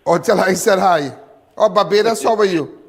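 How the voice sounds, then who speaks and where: A Trinidadian man hosts a live call-in crime show in a high, lifted voice, pressing his points by saying them twice. His voice carries a long reverb tail, as if in a large hall. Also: fairly quick, vocal fry. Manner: emphatic, chatty, repeats phrases for effect.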